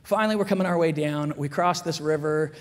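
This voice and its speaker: A man in his forties giving an animated chapel sermon to students, swinging between loud emphatic lines and hushed asides. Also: on the high side, a little fast. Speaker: guest chapel speaker. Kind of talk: energetic chapel sermon with storytelling. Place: school chapel, large room. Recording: long hall reverb.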